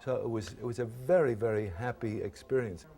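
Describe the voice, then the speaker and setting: An older man from Brooklyn, an actor being interviewed, telling lively anecdotes and acting out the lines he quotes. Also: mid-range voice, brisk. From Brooklyn, New York. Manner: lively storyteller who acts out quoted lines.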